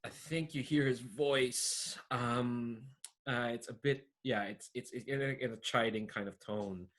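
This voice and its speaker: Bright-voiced man running a tabletop game. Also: medium pitch, steady tone, a little slow. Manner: casual, full of fillers, thinks aloud. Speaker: game master.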